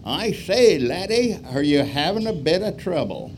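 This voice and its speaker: A man voicing a cheery, posh old English gentleman motorist in a clipped upper-class manner. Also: on the high side, sing-song, measured pace, slight background noise, voice pushed up. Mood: jolly.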